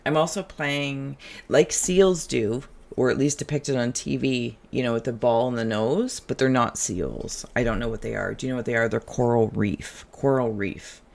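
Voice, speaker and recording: A tarot reader hosting a relaxed, channeled reading, who talks in a musing, chatty way and drifts into humming and asides. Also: medium pitch, normal speed, gravelly.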